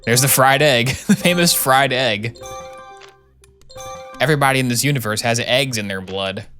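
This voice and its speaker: A man's voice: mid-range voice, moderate pace, a bit bright. Brief: man streaming a game live, jokey self-mocking commentary, faint music behind. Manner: playful, self-mocking, reacting aloud.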